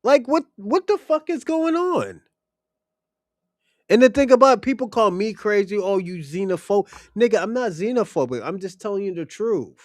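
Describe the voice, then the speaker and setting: A man's voice: sits high, lively intonation, normal speed, dry recording, clean studio sound. A man ranting bluntly and crudely on a stream, full of swagger. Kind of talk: profane opinion rant.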